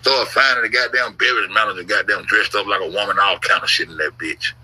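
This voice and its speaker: A man telling a long, rambling story in a casual stream, full of cursing and repetition, mixing low grumbles with loud outbursts. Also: steady tone, quick pace, husky, low-quality recording. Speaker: YouTube commentator.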